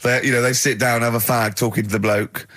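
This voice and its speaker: A man's voice: medium pitch, level tone, fairly quick, fairly bright tone. A man hosting a radio show in casual chat, teasing his guest and prodding him with questions. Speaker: radio host. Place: radio studio. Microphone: studio microphone.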